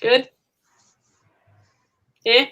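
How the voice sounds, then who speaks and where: A woman's voice: extremely slow, pushed and bright, highs cut off. A woman co-hosting a livestream in casual chat, bubbly and giggly, teasing her guests over a video call. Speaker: livestream co-host.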